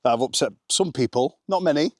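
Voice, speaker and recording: A man's voice: on the high side, expressive, brisk, darkish tone, dry recording. Rambling, chatty man, dry close sound. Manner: rambling, self-deprecating, heavy on filler words like "anyway" and "um". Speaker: vlogger sharing family life abroad. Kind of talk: casual chatty vlog. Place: outdoors at a rural smallholding with animals.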